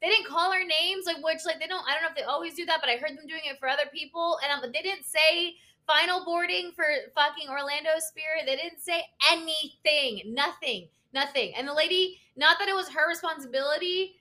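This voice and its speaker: A woman's voice: high voice, brisk, few pauses, bright, forceful tone. A young woman in casual chat, telling a story with lots of fillers and cursing.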